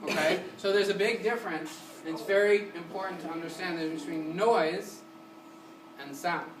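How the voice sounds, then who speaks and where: In a community center room, a man with a high-pitched voice at normal speed teaches a music class. He energetically quizzes the students, keeps asking questions, and sings short syllables to demonstrate. The distant mic gives a roomy sound with room noise.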